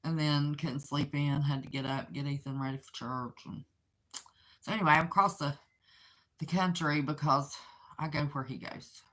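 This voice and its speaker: A woman's voice: deep voice, steady tone, moderate pace, fairly bright tone. A tired, chatty middle-aged woman from Southern West Virginia with her own accent, rambling through a casual livestream and reading viewer comments aloud. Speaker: livestream host.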